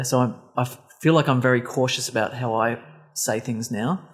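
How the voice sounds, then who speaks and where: A man's voice: medium pitch, flat delivery, moderate pace, hardly any pauses. A man hosting a casual podcast, thinking aloud in rambling sentences. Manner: thoughtful, rambling with restarts. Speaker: podcast host.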